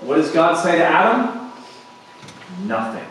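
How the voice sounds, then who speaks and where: Man, pastor, sermon, slow deliberate delivery, emphatic swells, echoey church hall, distant mic. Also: on the high side, very animated, slight background noise. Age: young adult to middle-aged, father of boys. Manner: slow, rising to emphatic peaks then dropping quiet.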